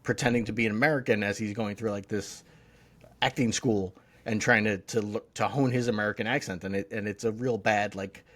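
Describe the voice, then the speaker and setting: A man's voice: fairly low pitch, fairly even intonation, fairly quick, fairly bright tone. Rambling man chatting about TV. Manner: rambling, jokey, full of restarts and mocking quoted voices. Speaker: podcast co-host. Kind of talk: casual chat about TV.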